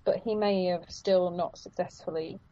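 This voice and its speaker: Woman, mellow warm tone, casual film chat, thoughtful, filler-heavy, dull lo-fi recording. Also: on the low side, steady tone, normal speed. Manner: thoughtful, questioning, many fillers.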